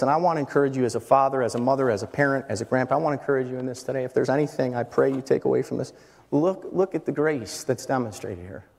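Preaching pastor, booming in a reverberant hall. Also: male voice, gravelly. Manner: swings from low storytelling to loud, shouted preaching. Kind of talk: sermon.

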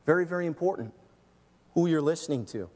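High-voiced pastor in a reverberant hall. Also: male voice, lively intonation, fast. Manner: emphatic, shifts between loud and soft. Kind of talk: sermon. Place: church.

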